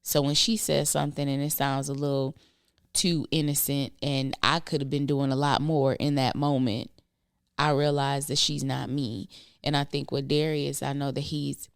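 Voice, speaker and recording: Middle-aged woman, podcast co-host, low and gravelly, earnest and thoughtful, dry close mic. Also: steady tone, normal speed, no room sound. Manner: thoughtful, earnest, speaks softly at times. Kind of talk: reflective casual conversation.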